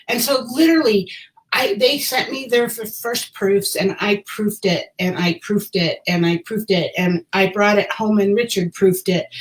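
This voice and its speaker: A woman's voice: medium pitch, poor audio. Woman rambling through a personal story. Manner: rambling, repeats phrases for emphasis, chuckles at herself. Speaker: vlogger telling a personal story. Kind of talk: casual storytelling to camera.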